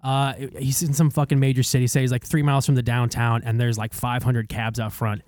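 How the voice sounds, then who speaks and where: A young man with a medium-pitched voice talks quickly on a podcast, telling a story with plenty of swearing and laughter between lines. The audio is clean studio quality with no echo, and the chat is casual and animated.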